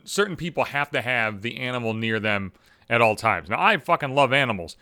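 A man hosting a podcast, ranting with constant swearing, swinging between exasperated high-pitched outbursts and low mutters. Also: lively intonation, fairly quick, pushed and bright, no echo, clean studio sound. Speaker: podcast host. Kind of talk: profane comedic rant.

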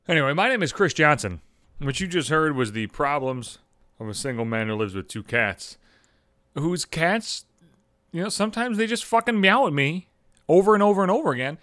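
A man hosting a podcast, ranting with constant swearing, swinging between exasperated high-pitched outbursts and low mutters. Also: very animated, normal speed, fairly bright tone, no room sound. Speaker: podcast host. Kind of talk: profane comedic rant.

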